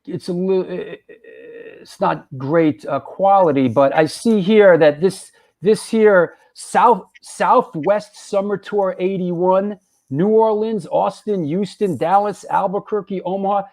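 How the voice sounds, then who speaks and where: A man's voice: high-pitched, unhurried, a little mellow. A man hosting a live interview stream, talking loosely with lots of fillers and restarts. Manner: loose, rambling, frequent fillers. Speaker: host. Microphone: video call.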